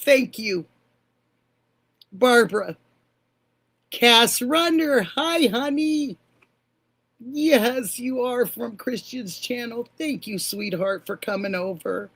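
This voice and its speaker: Older lady chatting on her stream, slow easy talk, says hi honey to everyone. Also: on the high side, breathy edge. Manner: affectionate, calls viewers honey and sweetheart. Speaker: livestream host. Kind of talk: casual live-stream chat greeting viewers.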